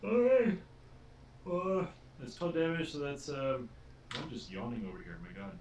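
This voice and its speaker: Man game master, halting and roomy. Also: mid-range voice, lively intonation, a little mellow, slight background noise. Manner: halting, full of filler sounds. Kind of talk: narrating a tabletop game over a call. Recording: roomy, distant from the mic.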